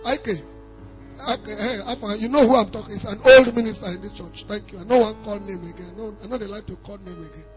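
A male pastor with a Nigerian accent preaching a sermon to a church, reading scripture and building to shouted emphasis. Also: high-pitched, fairly even intonation, fairly quick, music in the background, low-quality recording.

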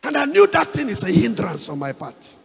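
A pastor gives a sermon testimony in an echoey hall with music behind him, preaching emphatically, half-singing phrases and rising to loud exhortation. His high voice is brisk, with big pitch swings, vocal fry and a breathy edge.

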